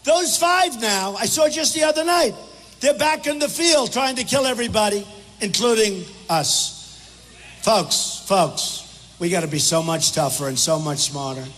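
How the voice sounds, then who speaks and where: Before a rally crowd in an airport hangar, an older male candidate speaks into a podium microphone in a rambling, repetitive, combative way. He has a high, fairly bright voice and a measured pace, and the echoey hall has faint background noise.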